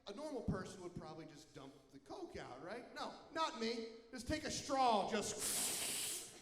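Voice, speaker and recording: A young man performing a self-mocking stand-up comedy set, animated, breaking into loud silly voices. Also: high-pitched, moderate pace, background noise. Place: comedy venue with live audience. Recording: echoey live hall with crowd.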